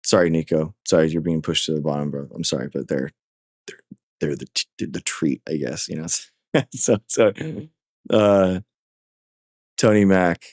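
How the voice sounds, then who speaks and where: A man's voice: very deep voice, moderate pace, long pauses, darkish tone, no room sound, studio quality. A man hosting a live call-in stream, talking casually with callers, often stumbling and repeating words. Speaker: livestream host taking callers.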